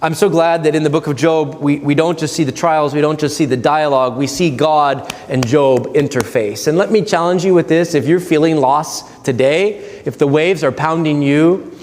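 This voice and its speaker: A man preaching a sermon as pastor, earnest, swinging from loud, lively quoted asides to low, hushed emphasis. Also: normal speed, few pauses, big-room sound. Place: church sanctuary.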